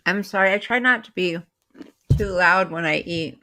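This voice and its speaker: With a medium-pitched voice and an unhurried pace, this livestream host chats away to her viewers, thanks them warmly, and eats between remarks.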